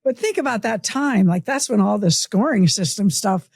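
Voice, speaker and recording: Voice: medium pitch, animated, normal speed, gravelly, slightly rough, dry recording. An interviewer with a mid-range voice reminisces about shared coaching years, laughing often between remarks. The questions are loose and friendly. The recording is dry and close. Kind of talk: casual interview.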